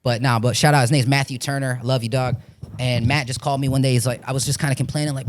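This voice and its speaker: A man in his forties from Florida, an actor talking as a podcast guest in a casual, animated way, swearing often as he tells stories. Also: mid-range voice, racing. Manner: profane, animated storytelling with frequent swearing. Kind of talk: casual chat.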